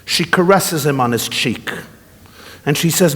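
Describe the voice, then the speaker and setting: A man, a rabbi giving a humorous keynote speech at a gala, telling stories in an animated, joking way. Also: a little high, measured pace. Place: large event hall. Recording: long reverb from a large hall.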